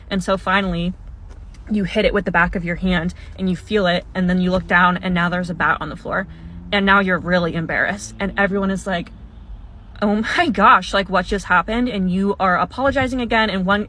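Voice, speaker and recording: A woman's voice: lowish voice, fairly bright tone. A young woman casually recounting her own mishap, telling it in second person and laughing now and then. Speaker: storyteller. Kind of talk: casual storytime.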